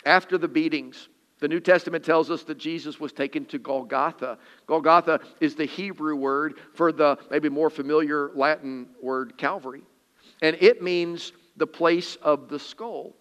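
A man's voice: a little high, steady tone, normal speed, fairly bright tone, long reverb tail. A man preaching a sermon in an earnest, emphatic way, reading scripture with dramatic emphasis. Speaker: pastor.

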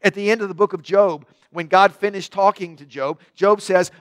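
A man's voice: high voice, normal speed, hardly any pauses, fairly bright tone, no room sound. A man preaching a sermon in a conversational way, with joking asides to the congregation. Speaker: pastor.

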